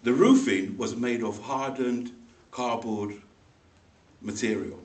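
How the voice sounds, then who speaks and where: A man giving a humorous personal story as a speech, animated and acting out the people in it. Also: medium pitch, takes it slowly. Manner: animated, acts out voices in the story, laughs along. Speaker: speaker at a speaking club. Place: meeting room. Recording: echoey room, mic far off, faint noise.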